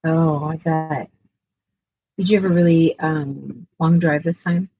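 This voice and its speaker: A woman's voice: sits low, fairly even intonation, takes it slowly, dark tone, slightly rough, no echo, rough recording. A woman chatting casually while painting at home, cooing sing-song at her dogs. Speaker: artist and vlogger.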